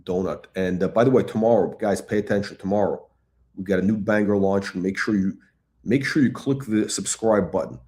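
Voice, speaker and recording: Low voiced middle aged guy on a stock livestream, hyped up, blunt, keeps repeating himself. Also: brisk. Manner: excitable hype, blunt, swears, repeats himself. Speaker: stock channel host. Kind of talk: livestream stock chat reading chat questions.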